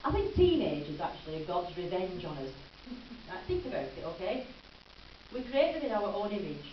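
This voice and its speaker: A woman performs a chatty stand-up routine, teasing the crowd. Her voice swings up and down with lively melody. It comes over a muffled, lo-fi recording taken from far off in an echoey hall with faint hiss. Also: mid-range voice. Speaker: stand-up comedian. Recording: lo-fi camcorder from a distance in an echoey hall.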